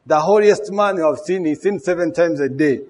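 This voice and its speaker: A man's voice: a little high, normal speed, a little mellow. A man preaching a sermon, emphatic, with rhetorical questions and repeated key words.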